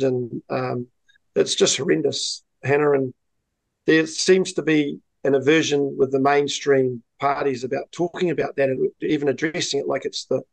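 A man's voice: mid-range voice, gravelly, dry recording, low-quality recording. A man from New Zealand with a New Zealand accent, giving a political interview as a party leader, earnest and full of fillers and restarts.

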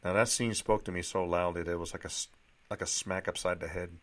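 A man's voice: low voice, fairly even intonation, fast, a bit bright. A man reading his personal memoir aloud in a candid, reflective way, with occasional restarts.

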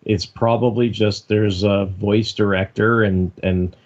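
A man's voice: fairly low pitch, steady tone, a little slow. Rambling man chatting on a lo-fi podcast. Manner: rambling, many restarts and swearing. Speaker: podcast co-host. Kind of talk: casual chat. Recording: dull lo-fi sound.

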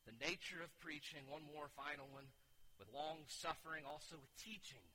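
A man preaching a sermon as pastor, moving from quiet teaching to loud, urgent exhortation and often restarting with repeated words. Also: fairly high pitch, fairly even intonation, moderate pace, breathy edge, poor audio. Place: church sanctuary.

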